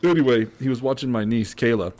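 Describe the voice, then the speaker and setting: A man's voice: mid-range voice, fast talker, a little mellow. Crude, laughing man telling stories. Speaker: podcast host. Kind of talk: casual storytelling chat.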